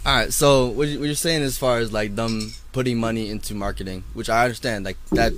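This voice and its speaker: A man co-hosting a casual podcast chat, reasoning his point aloud in a relaxed way, with some swearing. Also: medium pitch, a little fast. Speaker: podcast co-host.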